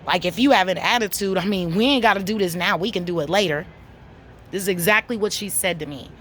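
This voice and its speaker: A woman, telling a story to camera in a blunt, profane, animated way. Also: mid-range voice, fast talker, a little hiss or hum. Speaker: vlogger.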